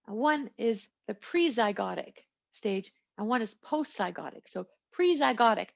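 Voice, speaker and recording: A biology instructor gives a recorded lecture in a chatty way, with asides and little jokes. Her voice is fairly high, expressive, unhurried and creaky, and the recording is lo-fi and muffled.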